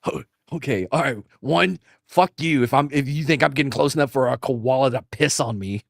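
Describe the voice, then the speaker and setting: A man co-hosting a comedy show, bantering in character with a crude, deadpan, rambling manner. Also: mid-range voice, a little fast, creaky, no room sound, clean studio sound.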